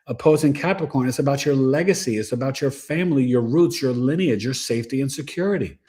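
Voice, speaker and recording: A man hosting a casual astrology livestream, giving animated, preachy advice with plenty of slang. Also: medium pitch, fast talker. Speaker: astrologer and show host.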